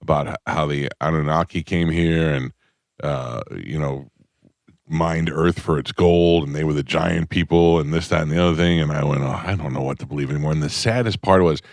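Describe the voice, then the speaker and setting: A man's voice: extremely low pitch, fairly even intonation, fairly quick, no echo, clean studio sound. A man hosting a casual morning radio show, telling rambling stories and acting out the voices of people he quotes. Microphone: studio microphone.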